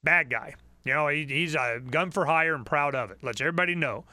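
A man's voice: on the high side, fairly quick, pushed and bright, no room sound, clean studio sound. A man hosting a call-in talk radio show, ranting fervently and repeating his points. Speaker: talk radio host and website publisher. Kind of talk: impassioned call-in radio monologue.

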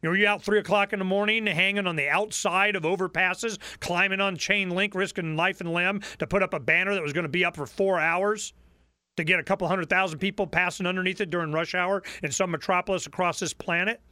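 A man's voice: high-pitched, steady tone, fast, pushed and bright, no room sound, studio quality. A man hosting a call-in talk radio show, ranting fervently and repeating his points. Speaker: talk radio host and website publisher. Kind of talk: impassioned call-in radio monologue.

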